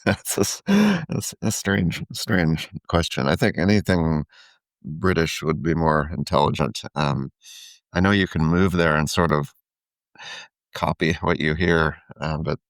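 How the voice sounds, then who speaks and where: A deep man with a gravelly, creaky voice who picks his words slowly in a relaxed chat with his co-host, often stopping to restart them. The sound is dry and close, with no room around it. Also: no echo. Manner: hesitant, restarts words, thoughtful. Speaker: podcast co-host. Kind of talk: casual chat.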